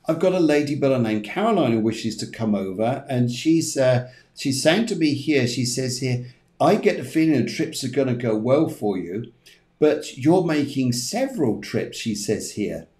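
A man hosts a live spiritual reading show, passing on messages in a chatty, reassuring manner. His voice sits at a middle pitch. The room around him is roomy and echoey. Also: animated, a little mellow. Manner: chatty, reassuring, gives readings in quick runs. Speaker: psychic medium host.

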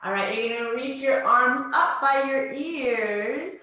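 Woman fitness instructor, unhurried and encouraging, cueing breaths and moves, in a very echoey room. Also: sits high, bright, forceful tone. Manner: encouraging, cues breathing and movement step by step. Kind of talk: guided home workout class. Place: home.

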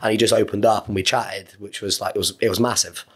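A man's voice: fairly low pitch, steady tone, fast talker, husky. A man, an ex-Marine in his thirties, talking openly and at length as a podcast guest, rambling and earnest with some swearing. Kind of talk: candid conversational interview.

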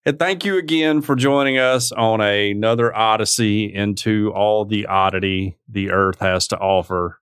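A man's voice: fairly low pitch, fairly even intonation, unhurried, hardly any pauses, a bit bright, smooth, dry recording. A man co-hosting a casual podcast chat, joking and chuckling through his remarks into a close mic. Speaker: podcast co-host.

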